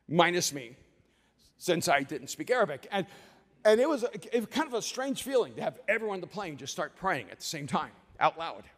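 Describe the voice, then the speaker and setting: A male pastor delivers a sermon, telling stories in an animated way. His voice sits high for a man. It carries through a large hall with a long reverb. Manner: storytelling, animated.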